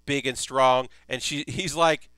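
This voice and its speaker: A man's voice: mid-range voice, steady tone, unhurried, pushed and bright, clear, resonant tone, no echo. A man streaming live while building a model kit, chatting casually in a rambling, enthusiastic way and swearing freely.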